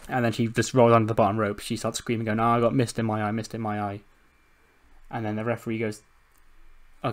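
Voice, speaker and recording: Guy recapping his wrestling sim run, swears a lot, laughs, mid-pitched voice. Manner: laughing, sweary, fast storytelling. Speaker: gaming channel host. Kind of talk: casual let's-play narration.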